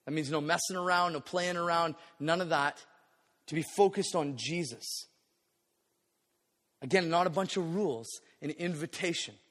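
This pastor, high in pitch, preaches energetically at a normal speed but stops often to pause. His playful asides and acted-out quotes ring around a large, echoing hall where the reverb lingers.

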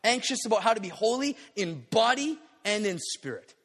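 A high-pitched man delivers a lively sermon as a pastor, breaking into playful asides and acting out little quotes. His voice rings through a large hall with a long, lingering echo. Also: normal speed.

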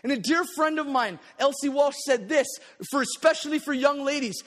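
A high-pitched man delivers a lively sermon as a pastor, breaking into playful asides and acting out little quotes. His voice rings through a large hall with a long, lingering echo. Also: normal speed, few pauses.

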